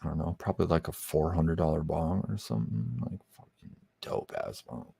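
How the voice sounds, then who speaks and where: A man's voice: low-pitched, a little fast, creaky, dark tone, slightly rough, no room sound. A man guesting on a podcast, chatting casually about his music, rambling with lots of fillers and swearing. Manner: laid-back, swears a lot, rambling with many fillers. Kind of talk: casual interview chat.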